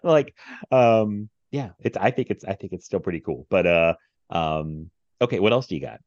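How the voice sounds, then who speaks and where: A man's voice: low-pitched, lively intonation, normal speed, a little mellow, no room sound, dull audio. A man hosting a podcast, chatting casually about movies, rambling with many fillers and frequent laughs. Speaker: podcast host.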